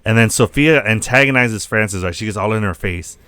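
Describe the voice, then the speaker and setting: A man co-hosting a podcast, retelling a TV episode in a casual, animated way and acting out the characters' lines with plenty of swearing. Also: on the low side, brisk, clean tone, no echo. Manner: animated retelling, acts out quotes, swears a lot. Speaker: podcast co-host. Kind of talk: casual chat recapping a TV episode.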